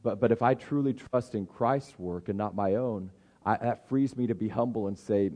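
A man's voice: normal speed, dark tone. Man preaching in a conversational style. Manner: conversational, repeats words when restarting; acts out inner voices in a higher pitch. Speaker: pastor. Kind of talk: sermon.

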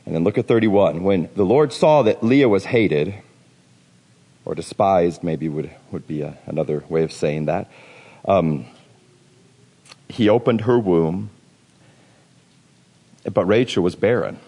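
A man's voice: deep voice, measured pace, long pauses, mellow, breathy edge. A man preaching a sermon in a casual, joking way, sometimes putting on playful voices. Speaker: pastor. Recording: long hall reverb.

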